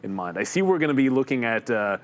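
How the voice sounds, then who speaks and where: A man's voice: mid-range voice, very animated, fast. A man co-hosting a live stock market show, giving direct trading advice and repeating words as he thinks. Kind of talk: casual trading commentary. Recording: reverberant room with faint background noise.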